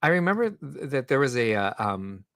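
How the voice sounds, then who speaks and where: A man's voice: mid-range voice, very animated, fairly quick, a bit bright, no room sound, clean studio sound. A man co-hosting a casual podcast, rambling and reading out viewer comments. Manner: rambling, self-interrupting. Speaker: podcast co-host.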